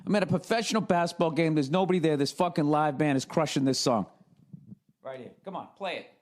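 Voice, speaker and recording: Man, comedian, podcast rant, profane, sarcastic, fairly high voice. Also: fast talker, darkish tone.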